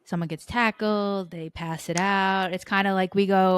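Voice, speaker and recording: A woman hosting a podcast, telling sports stories in an animated, playful and profane way. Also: medium pitch, normal speed, clean tone, dry recording, clean studio sound. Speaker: podcast host. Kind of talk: casual sports chat.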